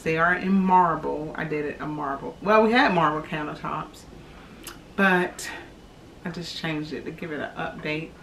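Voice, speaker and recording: A woman's voice: on the low side, fairly bright tone. Woman in her thirties, pregnant, slightly breathless, chatty y'all talk, echoey room, noisy background. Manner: chatty, addresses viewers as y'all. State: heavily pregnant, a bit out of breath. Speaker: vlogger, expectant mother. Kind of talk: casual pregnancy update. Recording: echoey home room, distant camera mic.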